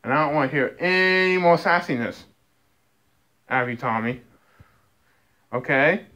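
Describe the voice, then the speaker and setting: A man's voice: a little high, expressive, unhurried, bright, forceful tone. Man scolding his cats, stammering. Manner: scolding, teasing, stammering restarts. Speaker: cat owner talking to his cats. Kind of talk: casual talk to pets.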